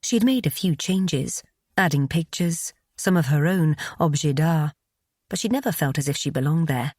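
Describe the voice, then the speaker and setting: Woman narrator, audiobook, measured delivery, husky, dry close recording. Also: low voice, lively intonation, darkish tone, dry recording.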